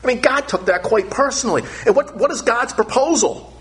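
A man's voice: very high voice, expressive, a little fast, a bit bright, slight background noise. A male pastor delivering a sermon, earnest and emphatic, often repeating words to stress a point.

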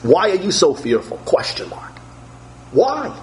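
A man's voice: sits high, huge pitch swings, unhurried, darkish tone, slight background noise, low-quality recording. A man preaching an expository sermon, emphatic and repetitive, firing off rhetorical questions.

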